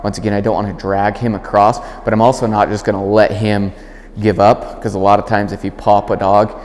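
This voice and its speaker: Low-voiced dog trainer in an echoey hall. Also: male voice, a little fast. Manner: calm explaining voice, firm clear commands. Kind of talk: instructional demonstration. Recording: long hall reverb.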